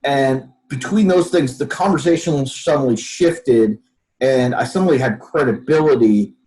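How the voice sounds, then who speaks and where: A man's voice: medium pitch, normal speed, poor audio. A man telling a story as a podcast guest, acting out other people's lines as he goes. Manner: animated storyteller, acts out quotes. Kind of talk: storytelling in a casual interview.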